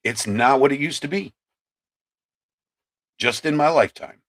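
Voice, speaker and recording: Ohio man, 50s, livestream host; heated political rant to chat, stumbles and repeats words, mid-pitched voice. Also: unhurried, fairly bright tone. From Ohio, USA. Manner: ranting, repeats and restarts words.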